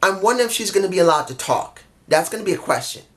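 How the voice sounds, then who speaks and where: A man giving a casual solo review of a wrestling show, rambling and excitable, often losing track of names. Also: high voice, very fast.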